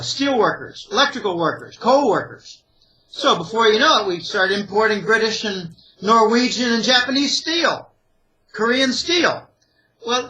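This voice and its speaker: A man's voice: very high-pitched, sharp tone, rough recording. A man from the Pittsburgh area, an interview guest, making emphatic warnings in a repetitive, opinionated way. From Greater Pittsburgh, USA. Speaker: interview guest, economic analyst.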